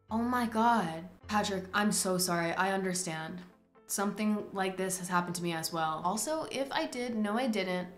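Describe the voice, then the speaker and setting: Playful female streamer, theatrical judge energy, roomy room sound with faint music. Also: mid-range voice. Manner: theatrical, quick swings into loud exclamations. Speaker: streamer playing a courtroom judge game. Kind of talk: playful gaming commentary.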